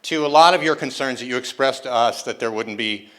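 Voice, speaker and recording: A man's voice: medium pitch, fairly quick, a bit bright. An older man performing a self-mocking stand-up comedy set on stage, acting out the voices he quotes. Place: conference hall stage with a live audience.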